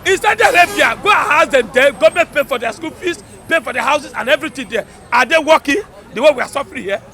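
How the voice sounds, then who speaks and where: A man with a Nigerian accent, talking loudly and emphatically in a rambling street interview. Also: very high-pitched, animated, fast. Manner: fervent, loud, rambling and emphatic. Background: crowd noise.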